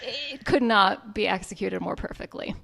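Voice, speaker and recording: A woman's voice: medium pitch, moderate pace, creaky, sharp tone. A woman co-hosting a podcast in a casual, enthusiastic chat. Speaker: podcast co-host.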